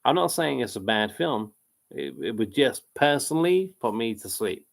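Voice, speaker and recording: A man's voice: mid-range voice, expressive, normal speed, vocal fry. A man hosting a live quiz stream, reading out chat comments and rambling casually about films, often breaking off mid-sentence and laughing.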